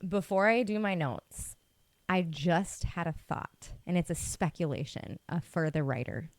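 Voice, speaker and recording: Young woman co-host, lowish voice, blunt and sweary, dry studio sound. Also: animated, no echo. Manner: blunt, swears freely, quick reactions. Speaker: podcast co-host. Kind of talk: casual chat.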